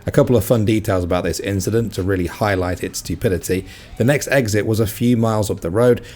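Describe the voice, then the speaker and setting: A man's voice: fairly low pitch, quick pace, darkish tone. A man reading reddit stories aloud in a casual way, adding wry, joking comments between them. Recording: faint music behind.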